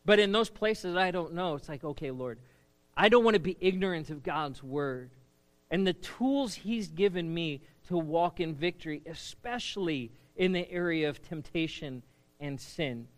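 A man's voice: a little high, moderate pace. A middle-aged man preaching a sermon in a conversational way, often drawing the congregation into call-and-response. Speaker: pastor.

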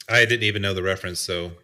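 Bright-voiced joking man, casual podcast chat. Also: deep voice. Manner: joking, laughs often, quick asides. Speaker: podcast co-host.

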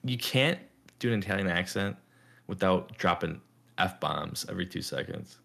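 A young man co-hosting a podcast, chatting casually, rambling with lots of filler words and slipping into animated impressions. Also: sits low, moderate pace, vocal fry. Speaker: podcast co-host. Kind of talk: casual chat.

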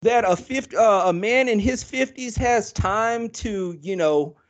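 A man's voice: sits high, slow pace. A man co-hosting a podcast, talking casually and rambling with many fillers and restarts. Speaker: podcast co-host. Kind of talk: casual chat.

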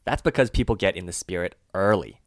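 A man co-hosting a language lesson, carefully walking through example phrases and slowing down on the key words. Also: deep voice, no room sound, clean studio sound. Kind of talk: scripted explanatory lesson.

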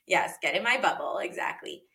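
A woman's voice: on the low side, expressive, brisk, bright, forceful tone. A woman speaking earnestly and reflectively in a casual podcast conversation about parenting, with frequent fillers and repeated phrases.

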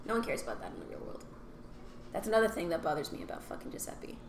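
A woman's voice: lowish voice, fast talker. A young woman telling stories in casual podcast chat, acting out other voices and dropping into whispered asides. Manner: animated storytelling, acts out voices, drops to whispers. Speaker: podcast co-host. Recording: echoey room with faint ambient noise.

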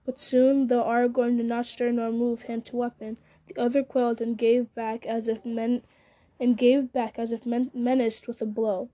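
A woman reading a fantasy novel aloud, now and then tripping over words and going back to repeat them. Her voice is mellow and soft, pitched a little high. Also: little pitch movement, moderate pace. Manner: frequent stumbles and restarts. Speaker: reader.

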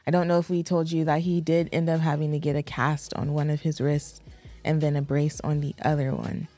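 A woman in her thirties co-hosting a marriage podcast, talking in a relaxed, chatty way with easy laughter. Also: low voice, fairly quick, no room sound, faint music behind. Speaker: podcast co-host. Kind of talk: casual chat.

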